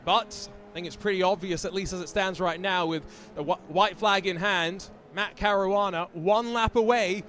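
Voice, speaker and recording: A man doing play-by-play commentary on an esports race, with excited calls and playful banter. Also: high voice, normal speed, slight background noise.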